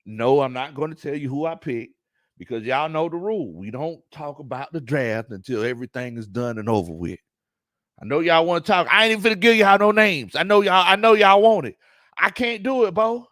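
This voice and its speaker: Animated man hosting a live sports chat. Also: on the high side, dry recording, studio quality. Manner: animated, laughs often, drawn-out colloquial speech. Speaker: sports talk show host. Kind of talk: casual live-stream chat reading viewer comments.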